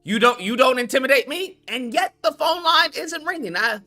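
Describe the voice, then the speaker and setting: A man's voice: very high voice, lively intonation, normal speed, over loud music. A man hosting a live stream, ranting in a heated, mocking and profane way, taunting a viewer to call in.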